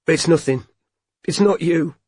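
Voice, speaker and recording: A tearful young woman detective, her husky voice climbing high and cracking with strain, as a male narrator puts her on. The reading is close and dry, with no room around it. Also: unhurried, a little mellow, no room sound. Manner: strained, breaking voice.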